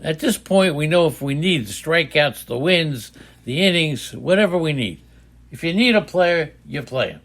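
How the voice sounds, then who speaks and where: An older man with a high-pitched voice, co-hosting a casual fantasy baseball chat, teasing and rambling with fillers. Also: lively intonation, normal speed, a bit bright. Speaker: podcast co-host.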